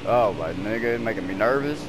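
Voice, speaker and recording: A man's voice: lowish voice, expressive, moderate pace, background noise. A man trash-talking heatedly and cursing while racing online with friends over a headset at home. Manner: profane, ranting, heated, talks to teammates. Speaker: gamer streaming online racing. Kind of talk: angry gaming trash talk.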